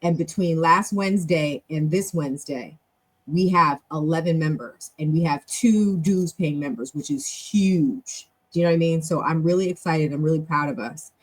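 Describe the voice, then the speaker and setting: A middle-aged woman hosts a relaxed live stream and talks quickly. Her voice jumps high and loud when she gets excited, then drops back to easy conversation. She often restarts her sentences as she goes. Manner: animated and chatty, with big jumps in pitch and loudness; talks fast, with self-corrections. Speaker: show host and club leader. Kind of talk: casual live-stream talk.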